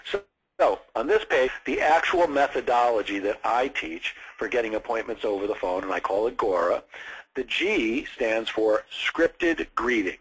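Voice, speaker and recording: A man's voice: mid-range voice, expressive, normal speed, fairly bright tone, breathy edge, rough recording. A man leading a sales training session, talking enthusiastically with lots of rise and fall in his voice. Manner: enthusiastic, varied inflection; conversational, with frequent restarts. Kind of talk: training seminar lecture.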